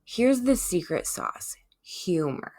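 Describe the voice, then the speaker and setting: A woman with a low voice hosts a self-help podcast. She talks slowly and gently, and she keeps coaxing listeners along with an encouraging "okay?". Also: animated. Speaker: podcast host.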